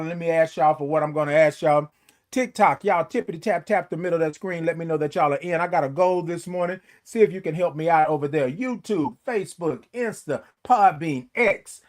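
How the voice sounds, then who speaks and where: Hosting a morning livestream, this high-voiced man greets his live audience in casual chat. His delivery is animated and lively, full of sung snippets and stretched-out greetings.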